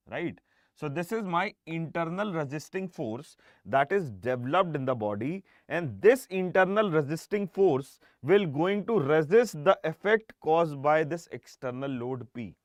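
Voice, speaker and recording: A man's voice: a little high, no echo, clean studio sound. A man with an Indian English accent lecturing on engineering for an online exam-prep class, stressing key words and often checking in with "right?" and "okay?". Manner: emphatic teacher, frequent checking "right?" and "okay?".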